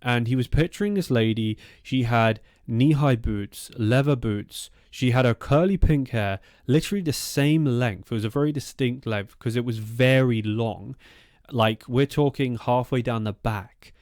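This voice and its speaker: A man's voice: mid-range voice, measured pace, darkish tone, no echo, studio quality. A man narrating an eerie true-life story in a loose, conversational way, with asides and fillers.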